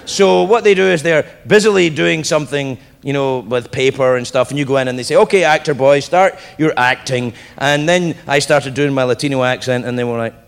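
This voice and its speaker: A man telling a swearing, animated stand-up story on stage. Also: medium pitch, brisk, gravelly, few pauses, clear, resonant tone. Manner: animated, swearing storyteller doing mock voices. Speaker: stand-up comedian. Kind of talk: stand-up set. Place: live comedy venue. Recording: echoey hall with loud crowd laughter.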